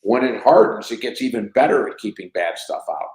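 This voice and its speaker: Man, sixties, business chief as podcast guest, animated anecdotal storytelling, acts out quoted dialogue, echoey room. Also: lowish voice, brisk. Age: 60s. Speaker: company CEO guest. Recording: roomy echo.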